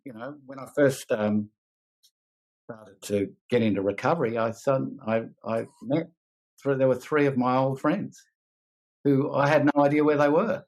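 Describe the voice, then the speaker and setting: An older man with an Australian accent, a guest musician speaking in a halting, reflective way. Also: mid-range voice, a little mellow, poor audio. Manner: halting, reflective, with many fillers and restarts. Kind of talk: candid conversation.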